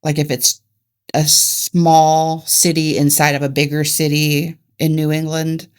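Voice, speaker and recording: A woman's voice: low voice, level tone, a little slow, clean tone. A woman from Ohio co-hosting a casual true crime podcast, laughing at her own mix-ups and then reading the case notes plainly. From Ohio, United States. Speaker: podcast co-host.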